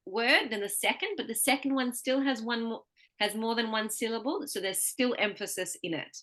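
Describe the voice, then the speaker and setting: A woman speech pathologist giving a patient one-on-one pronunciation lesson, explaining slowly with examples. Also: a little high, a bit bright.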